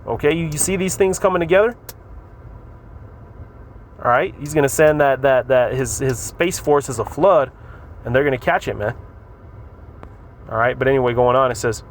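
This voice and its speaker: A man with a mid-range voice teaches scripture in a loose, conversational way. He reads verses aloud, then explains them, often repeating words and adding "man" and "all right." Faint urban traffic hums behind him. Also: mid-range voice. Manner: informal, repetitive, frequent "man" and "all right". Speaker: religious teacher.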